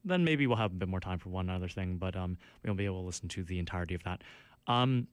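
Low-voiced guy on campus radio, rambly, lots of ums, dry studio mic. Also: lively intonation, fast, smooth, dry recording. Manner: rambling, self-deprecating, many fillers and restarts. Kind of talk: casual radio show chat.

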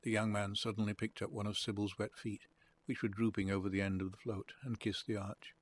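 A man reads a literary story aloud in a calm, measured way. His voice sits on the low side and carries a husky grain. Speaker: narrator. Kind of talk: literary reading.

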